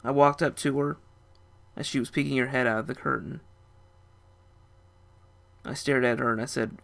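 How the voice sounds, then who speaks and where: A man's voice: medium pitch, steady tone, moderate pace, gravelly, pauses often, a bit bright. A young man narrating a first-person story in a casual, rambling way.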